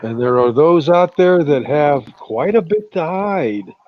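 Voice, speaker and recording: A man in casual online talk, drawling slowly and chuckling as he tells stories. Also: on the high side, lively intonation, slight background noise. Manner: slow, drawling storyteller, chuckles often. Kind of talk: casual chat. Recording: muffled lo-fi voice chat.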